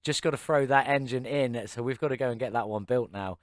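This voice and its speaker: Male game-channel host, casual upbeat commentary, self-deprecating, middle pitch, dry close sound. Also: a little fast, no echo. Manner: chatty, upbeat, self-mocking.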